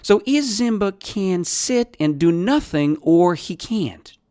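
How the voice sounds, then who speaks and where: Podcast English lesson, question-and-answer teaching, very slow delivery, animated melody. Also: medium pitch. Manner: asks and answers its own questions, repeating key words.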